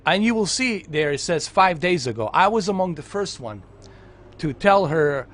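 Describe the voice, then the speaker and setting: A man's voice: fairly high pitch, animated, moderate pace, fairly bright tone. Chatty, rambling man gaming vlogger. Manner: rambling, chatty, many fillers and restarts. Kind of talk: casual chat while gaming.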